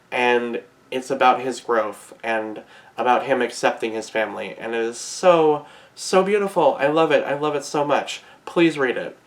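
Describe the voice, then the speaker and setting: A young man gushing about his favorite manga in a casual vlog, effusive and quick to laugh, calling his viewers "girl". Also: medium pitch. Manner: gushing, effusive, says "girl" and "yes, queen", laughs often. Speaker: manga reviewer.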